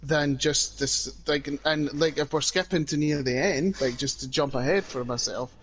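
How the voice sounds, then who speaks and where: A man's voice: a little high, normal speed, fairly bright tone, slight background noise. A young Scottish man co-hosting a podcast, chatting casually with frequent restarts. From Scotland. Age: young adult. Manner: hesitant, many restarts and "like"s. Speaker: podcast co-host. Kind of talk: casual chat.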